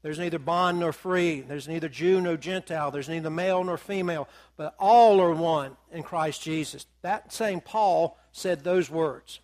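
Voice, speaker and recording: A man teaching a Bible class in a folksy, conversational way, slowing down to read out scripture. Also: fairly high pitch, a little mellow.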